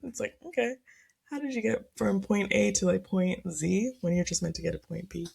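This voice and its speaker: A woman's voice: mid-range voice, fairly even intonation, normal speed, creaky, a little mellow, slightly rough. A woman co-hosting a casual podcast chat, laughing often and talking with plenty of fillers. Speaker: podcast co-host.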